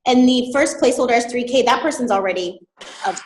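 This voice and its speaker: A woman with a high voice walks listeners through a business growth strategy. She talks in an animated way and laughs often. The room around her is echoey. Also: quick pace, a little hiss or hum. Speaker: network marketing leader.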